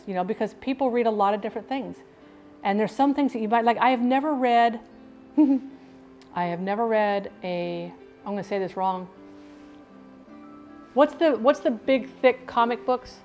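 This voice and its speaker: A woman's voice: on the high side, brisk, darkish tone, soft background music. A middle-aged woman chatting casually on a live stream, upbeat and talkative, often breaking into laughs.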